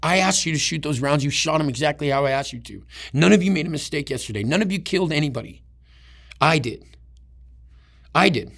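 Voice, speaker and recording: A man's voice: on the high side, animated, a little fast, gravelly, fairly bright tone. A man, an army veteran, telling war stories in an interview in a rambling way, swearing often and restarting his sentences. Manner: profane, rambling, many restarts. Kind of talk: casual storytelling.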